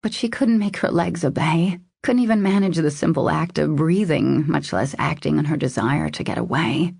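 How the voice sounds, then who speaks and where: A woman narrating a romance audiobook in a steady, measured reading style. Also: low-pitched, creaky, breathy edge, no room sound, studio quality. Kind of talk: scripted narration.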